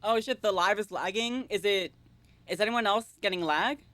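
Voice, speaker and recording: A woman's voice: medium pitch, moderate pace, a bit bright. A woman livestreaming a game in a casual, chatty way, giggling often and reading dialogue aloud. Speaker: streamer. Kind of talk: casual live game stream.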